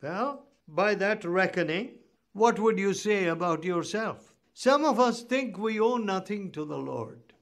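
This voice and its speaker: A man's voice: high voice, expressive, unhurried. A man preaching a sermon, reading scripture and asking the listeners pointed rhetorical questions. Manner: emphatic, rhetorical questions, reads scripture aloud.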